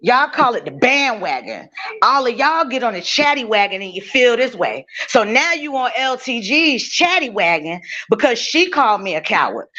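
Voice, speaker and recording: Heard through dull audio, a woman with a fairly high, fairly bright voice runs a laid-back stream from her home kitchen. She cooks while speaking plainly to her chat, with plenty of swearing and laughter.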